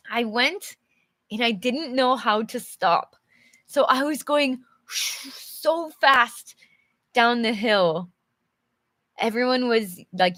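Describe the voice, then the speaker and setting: A woman English teacher reading a storybook aloud and chatting with viewers in an animated, giggly way. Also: a little high, no echo. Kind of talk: live storybook reading with chat.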